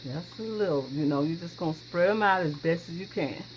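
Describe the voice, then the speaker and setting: A folksy woman cooks and talks her viewers through each step, calling out to them as y'all. The recording is dull and lo-fi, with a steady hiss of background noise. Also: on the low side, a little fast. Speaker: home cooking host. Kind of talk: casual cooking demonstration.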